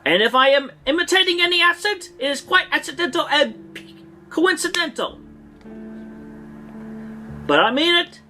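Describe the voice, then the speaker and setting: A woman's voice: sits high, expressive, normal speed, long pauses, sharp tone, faint music behind. A woman putting on a pompous faux-British ranter. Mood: indignant. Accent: imitated British. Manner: pompous, theatrical, ranting. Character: woman in a put-on pompous British-tinged protest voice. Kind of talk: archived online video rant.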